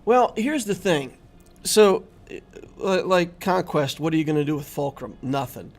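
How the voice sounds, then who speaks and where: A man's voice: a little high, expressive, a little slow, faint music behind. Easygoing middle-aged man chatting to viewers. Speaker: gaming channel host. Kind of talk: casual live-stream commentary.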